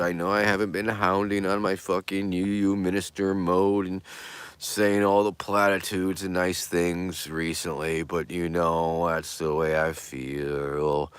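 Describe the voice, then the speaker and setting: A middle-aged man with a low, deep voice hosts a casual livestream. He meanders from thought to thought, swears freely and lets his phrases drop away to near-mutters. The sound is dry and close to the mic. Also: level tone, unhurried, clear, resonant tone, no echo. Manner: profane, meandering, trailing off softly. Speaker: livestream host. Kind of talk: rambling casual livestream chat.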